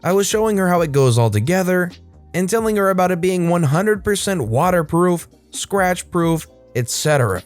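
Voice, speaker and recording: A man hosting a storytime channel, reading online stories aloud with lively, animated delivery. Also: sits high, normal speed, faint music behind.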